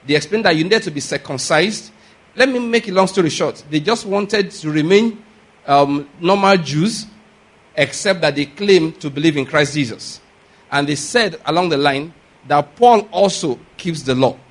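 A male preacher with a slightly raised pitch delivers an emphatic sermon. He keeps checking in with his congregation and asks them direct questions as he explains scripture. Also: normal speed. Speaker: pastor.

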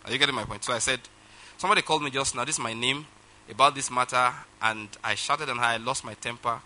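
A man's voice: medium pitch, fast, pushed and bright, slight background noise, low-quality recording. A man preaching a sermon, telling a personal story and acting out phone calls with laughter. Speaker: pastor.

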